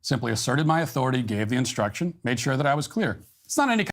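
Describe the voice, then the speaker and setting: A man in a played clip of talk commentary, speaking in a calm, firm, matter-of-fact way. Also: mid-range voice, fast.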